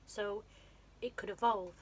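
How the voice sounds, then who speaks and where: A woman's voice: medium pitch, fairly even intonation, unhurried. Woman vlogger with a runny nose, chatty and meandering, recorded at home with faint background noise. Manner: rambling, self-deprecating, with restarts. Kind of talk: casual film recap.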